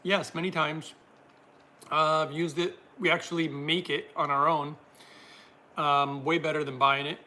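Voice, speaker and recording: A man's voice: fairly high pitch, fairly even intonation, measured pace, pauses often, bright, forceful tone. A man hosting a casual livestream, reading out viewer comments and answering them in a chatty way, laughing often.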